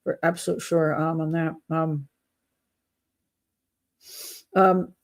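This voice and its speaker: A woman's voice: deep voice, flat delivery, slow. A woman hosting a crime-profiling show, talking casually through a case with emphatic, incredulous rhetorical questions. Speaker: host of a crime profiling channel. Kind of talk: casual live-show commentary on a criminal case.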